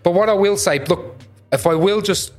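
A man's voice: high-pitched, normal speed, faint music behind. A man hosting a casual podcast chat, joking and swearing often. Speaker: podcast host.

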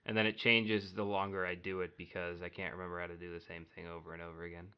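A man's voice: low-pitched, flat delivery, quick pace, clear, resonant tone. A man hosting a gaming podcast in casual chat, rambling and often correcting himself. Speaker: podcast host. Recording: dull lo-fi recording.

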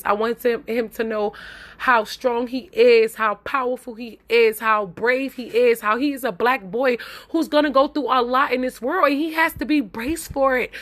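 A woman's voice: fairly high pitch, a bit bright. A young adult woman hosting a podcast, talking in a heartfelt, tearful way and repeating her phrases as she speaks. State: crying at times. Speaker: podcast host. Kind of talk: emotional podcast monologue.

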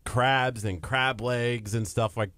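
A man from Nebraska, co-hosting a local talk show, telling stories in an animated, joking way. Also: medium pitch, slow pace, no room sound. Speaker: co-host. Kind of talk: casual chat.

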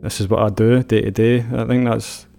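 A man's voice: on the low side, steady tone, a little fast, creaky, warm tone, soft background music. A man with a Scottish accent in a casual podcast chat, thoughtful and a bit hesitant.

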